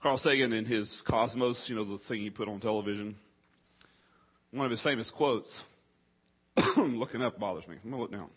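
A man preaching a sermon to a congregation, his voice husky and interrupted by coughing. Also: lowish voice, normal speed, long pauses, lo-fi sound. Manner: coughing, choked up.

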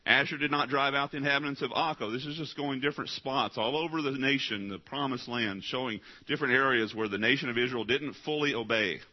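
A male pastor delivering a sermon from the pulpit. He climbs to loud, high, pleading peaks and then drops to low, hushed asides. The recording sounds dull and lo-fi. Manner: emphatic preaching, swings from loud rising pleas to low quiet asides.

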